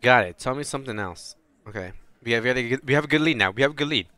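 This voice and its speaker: A man's voice: medium pitch, racing, no echo. A man playing through a story game, reading its dialogue aloud and swearing as he reacts. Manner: swears freely, reacts loudly, reads dialogue in a flat voice. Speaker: let's play host reading game text aloud. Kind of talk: casual gameplay commentary with read-aloud dialogue.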